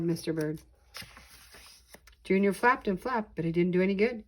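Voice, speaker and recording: An older woman reads a children's picture book aloud, slow and deliberate with lively emphasis. Her voice is low for a woman and slightly husky. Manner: slow, deliberate, expressive reading. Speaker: storyteller.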